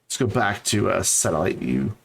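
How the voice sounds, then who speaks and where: A man's voice: sits low, lively intonation, moderate pace, vocal fry, slightly rough. A man streaming a game, chatting casually and rambling to his viewers. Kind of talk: casual live-stream chat.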